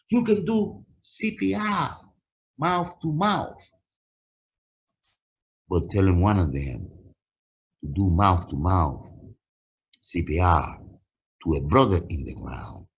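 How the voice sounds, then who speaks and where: Man, video-call testimony, very animated pitch, mid voice, repeats phrases. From Puerto Rico. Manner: emotional storyteller, repeats phrases for emphasis. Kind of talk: personal testimony on a webinar.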